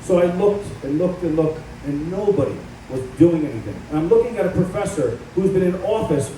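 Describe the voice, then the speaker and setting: A middle-aged man gives a combative campaign speech in a large hall, telling stories about his own fight. His voice sits on the high side with a dark, mellow tone. Heavy room echo and a distant mic make him sound far off, with faint ambience underneath. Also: lively intonation, brisk, slight background noise. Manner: combative, storytelling. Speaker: political candidate. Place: event hall.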